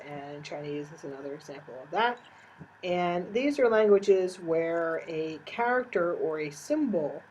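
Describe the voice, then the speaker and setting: A woman's voice: low-pitched, a little mellow, slight background noise, low-quality recording. A woman giving a recorded course lecture, explaining step by step with frequent "uh" fillers.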